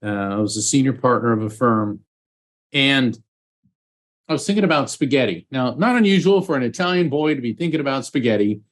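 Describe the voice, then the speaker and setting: Earnest male storyteller, ex-trial-lawyer type, mid-pitched, animated, restarts often. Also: a little fast. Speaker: psychic medium guest, former trial lawyer. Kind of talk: storytelling interview talk.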